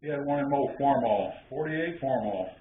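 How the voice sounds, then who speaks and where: A man's voice: mid-range voice, expressive, brisk, a little hiss or hum. A man, who hosts a cooking channel and tells rambling, folksy stories full of restarts. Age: 60s. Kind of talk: casual storytelling. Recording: tinny, roomy, phone-like sound.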